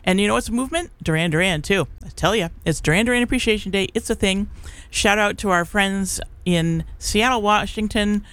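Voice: mid-range voice, brisk, a bit bright, clear, resonant tone. A middle-aged college radio DJ chatting casually on air between songs, rambling with plenty of fillers and restarts. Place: radio studio.

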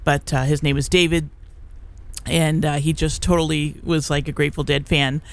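A middle-aged community radio DJ chats casually on air from the studio, in a mid-range voice with little pitch movement. The talk rambles and halts, with frequent restarts, gaps filled by "uh" and "um," and easy chuckles.

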